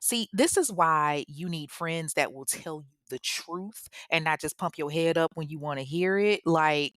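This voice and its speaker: A woman hosting a podcast, retelling a true-crime case in slangy, chatty, animated casual speech. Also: low-pitched, moderate pace, hardly any pauses, no room sound, clean studio sound. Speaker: podcast host.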